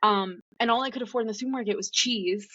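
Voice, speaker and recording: A woman's voice: fairly high pitch, fast talker, pushed and bright, breathy edge, dry recording. A woman guest telling her story in a casual, chatty way, full of "like" fillers. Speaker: podcast guest. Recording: dull, dry lo-fi recording.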